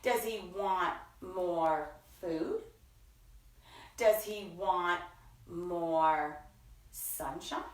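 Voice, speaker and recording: A woman hosting a children's story time, reading picture books aloud in an expressive sing-song way with gasps and acted voices. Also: lowish voice, drawn-out words, pauses often. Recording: echoey room, from far off.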